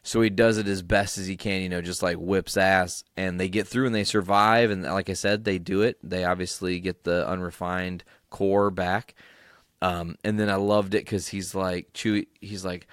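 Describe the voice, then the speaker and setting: A young man hosting a podcast alone, recapping excitedly, rambling and swearing freely. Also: sits low, moderate pace, smooth, dry recording, studio quality. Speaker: podcast host. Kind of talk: casual solo recap.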